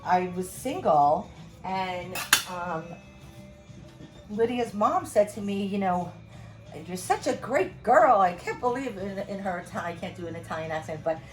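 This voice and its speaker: Chatty woman chef, lowish voice. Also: lively intonation, normal speed, music in the background. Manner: chatty and rambling, full of "you know" asides. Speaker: chef and cooking host. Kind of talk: casual home cooking demonstration. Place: home kitchen.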